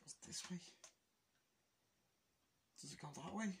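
A man's voice: high voice, unhurried, vocal fry, slight background noise. A man of twenty-two in a casual vlog, exasperated and swearing as he mutters to himself. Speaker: film collector vlogger.

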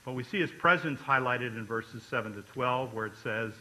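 A man's voice: medium pitch, moderate pace, hardly any pauses, pushed and bright, rough recording. A man pastor preaching a sermon, emphatic and often checking in with his listeners.

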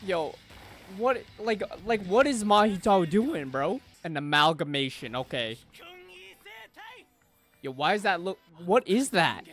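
Hyped guy reacting to anime, cussing, yelling then muttering, slow talker. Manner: excitable, profane slang, swings between shouted outbursts and low mutters. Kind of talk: live anime reaction commentary. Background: faint anime soundtrack music.

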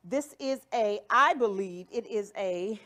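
A woman's voice: mid-range voice, lively intonation, measured pace, pushed and bright. A woman hosting a livestream wig demonstration, playful and chatty, joking and cheering viewers on with catchphrases. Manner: playful, sings and jokes, hype catchphrases. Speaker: wig shop host. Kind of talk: livestream product demo.

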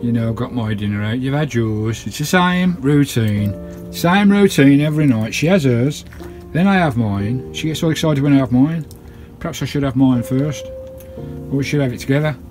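A man's voice: mid-range voice, moderate pace, darkish tone, faint music behind. A British man vlogging casually from inside his camper van, chatting and swearing lightly. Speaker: vanlife vlogger. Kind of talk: casual vlog chat.

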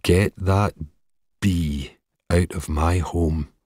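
Voiced by a man, a strained, furious husband speaks in a very low, husky voice. His lines come slowly and are recorded dry. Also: fairly even intonation, dry recording, full character voice. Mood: angry. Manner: strained, shouting at times. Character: angry middle-aged husband, strained.

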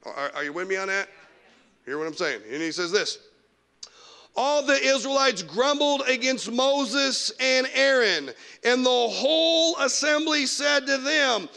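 High, bright-voiced preaching pastor. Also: male voice, a little slow. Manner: animated, preachy, mocking whiny voices of complainers. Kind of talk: sermon. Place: church sanctuary.

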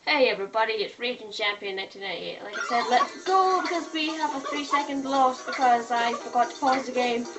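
A woman's voice: on the high side, lively intonation, brisk, few pauses, low-quality recording. A woman giving casual, rambling walkthrough commentary while playing a video game. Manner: chatty, rambling walkthrough tips. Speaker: let's play gamer. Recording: game music playing behind the voice. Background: video game music.

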